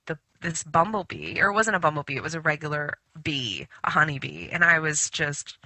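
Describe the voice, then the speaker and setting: A woman hosting a spiritual talk radio show, telling a rambling story full of fillers in quick, animated bursts. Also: low-pitched, no echo.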